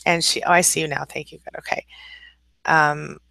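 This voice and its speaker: A woman's voice: low-pitched, level tone, moderate pace, creaky, sharp tone, no echo. A woman hosting a casual live-stream coaching chat, laughing often, greeting viewers by name and giving encouraging advice. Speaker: life coach and channel host.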